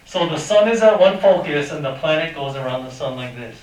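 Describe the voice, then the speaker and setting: A man's voice: fairly high pitch, animated, a little fast, a little mellow. A man teaching a math lesson to a class, talking informally, quizzing his students and making sound effects. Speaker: high school math teacher. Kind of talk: classroom lecture. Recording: echoey classroom from far off.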